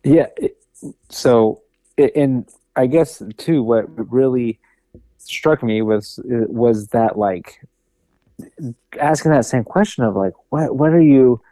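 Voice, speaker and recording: A man's voice: medium pitch, takes it slowly, pauses often, dark tone, dry recording. A man co-hosting a podcast, talking in a reflective, loose and rambling way. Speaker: podcast co-host. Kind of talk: casual podcast chat.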